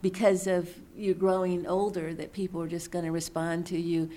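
A middle-aged woman with a somewhat low voice, speaking as an interview guest. She explains and tells stories in a thoughtful, measured way. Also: flat delivery, dark tone. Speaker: author and researcher guest. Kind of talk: interview answers.

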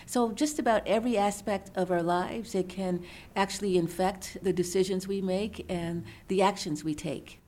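A middle-aged woman, an author and researcher, answering interview questions in a thoughtful, measured storytelling manner. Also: mid-range voice, steady tone, a little mellow.

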